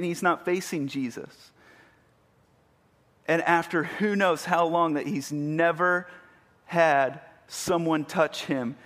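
A man's voice: a little high, a bit bright. A man preaching a sermon, retelling a story vividly and building to emphatic peaks. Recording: long hall reverb.

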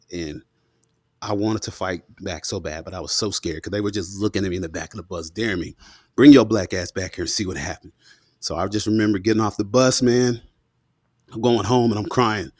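A man in his thirties with a somewhat low voice tells a personal story, slangy and animated, full of asides. The recording is dry and close to the mic. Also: dry recording. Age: 30s. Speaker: guest, former police officer. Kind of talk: casual storytelling.

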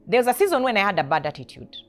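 A woman's voice: medium pitch, big pitch swings, very fast, faint music behind. A woman hosting a faith podcast, exhorting listeners with short, emphatic commands about attitude at work. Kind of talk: motivational faith talk.

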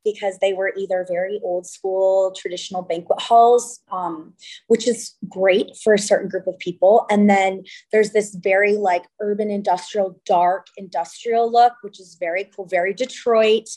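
A woman in her thirties from California, a venue owner and wedding designer, talking in a casual interview with chatty, animated storytelling. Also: mid-range voice, moderate pace, poor audio.

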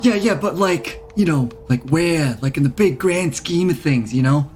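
A man's voice: on the high side, normal speed, darkish tone, soft background music, lightly acted. A man doing a cocky Queens-accented imp. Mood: brash. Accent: New York Queens. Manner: rambling, full of fillers and "you know". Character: brash small male imp, streetwise and cocky.

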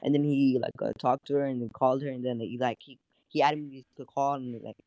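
A man's voice: mid-range voice, fairly even intonation, fast talker, a little mellow, highs cut off. A man in a casual chat with friends, hesitant and stumbling, filling gaps with "like". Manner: hesitant, stumbling, many fillers.

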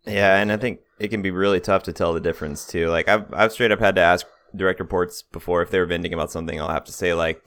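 A young man with a very deep voice chats on a podcast. He tells stories in a loose, easygoing way and laughs often. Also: fairly even intonation, quick pace, hardly any pauses, fairly bright tone. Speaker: podcast co-host. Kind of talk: casual chat.

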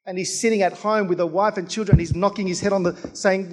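A man's voice: high-pitched, expressive, brisk, hardly any pauses. A man preaching a fervent sermon as pastor, with rhythmic repetition and calls out to the congregation.

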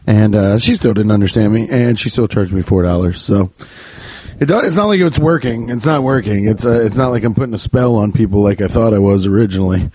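A man's voice: fairly low pitch, a little fast, dark tone, dry recording. A man hosting a podcast, chatting in a loose, joking way that keeps interrupting itself. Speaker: podcast host and comedian. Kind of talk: casual rambling podcast monologue. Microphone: podcast microphone.

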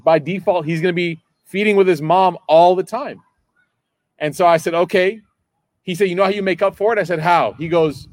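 Guy in his 30s giving a relaxed religious talk, kinda high voice, dry sound. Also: dry recording. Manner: conversational storytelling, acts out dialogue. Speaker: lecturer. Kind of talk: religious lecture.

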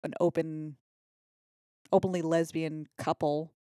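A woman co-hosting a casual podcast chat about a film, enthusiastic and full of trivia, with loose, halting phrasing and lots of fillers. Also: deep voice, little pitch movement, mellow, no echo, clean studio sound. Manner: enthusiastic, trivia-sharing, swears and laughs. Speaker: podcast co-host.

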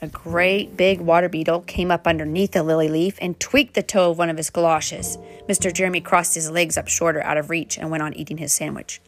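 A woman reading a children's storybook aloud, gently, turning now and then to talk to the children. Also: lowish voice, steady tone, a little fast, few pauses, soft background music. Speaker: storybook reader.

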